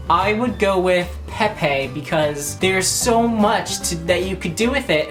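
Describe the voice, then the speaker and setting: A woman answering fan questions in a casual vlog, rambling, jokey and excitable. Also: mid-range voice.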